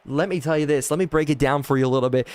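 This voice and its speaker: A young man live-streaming a football video game, calling plays and thanking chat, excitable and loud on big plays. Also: a little high, rapid-fire, dry recording.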